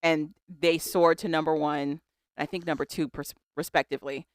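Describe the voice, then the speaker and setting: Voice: mid-range voice, fairly even intonation, normal speed, no echo, studio quality. A podcast co-host in casual pop-culture chat, reading a celebrity statement aloud and adding wry asides.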